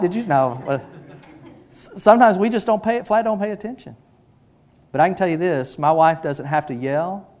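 A middle-aged male pastor preaching a sermon, telling stories with animated energy and dropping to a hush for emphasis. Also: high-pitched, fairly quick.

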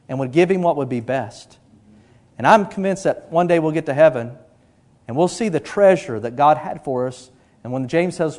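Middle-aged male pastor, fairly high voice; lively sermon storyteller who drops to near-whispers for emphasis. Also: moderate pace.

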